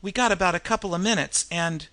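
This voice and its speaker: A man doing an excitable street-smart lookout. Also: sits high, fast talker, dry recording. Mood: excited. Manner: excited, dropped g's, slangy.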